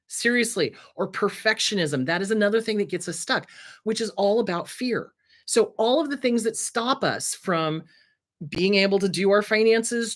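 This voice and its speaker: A woman therapist hosting her own show, talking casually and bluntly with jokes about career and fear. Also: mid-range voice. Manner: animated, chatty, blunt and joking. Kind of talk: casual advice talk to camera.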